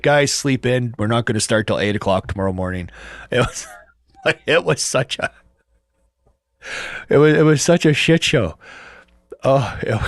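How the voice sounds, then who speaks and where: A man's voice: on the high side, no room sound, clean studio sound. A middle-aged man hosting a casual livestream from home, telling rambling stories, swearing freely and laughing at himself. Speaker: livestream host chatting with viewers. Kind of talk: casual storytelling.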